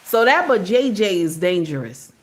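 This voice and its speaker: A woman's voice: mid-range voice, big pitch swings, moderate pace. A woman giving casual reaction commentary, emphatic and repetitive, driving each point home with "okay?" and "baby".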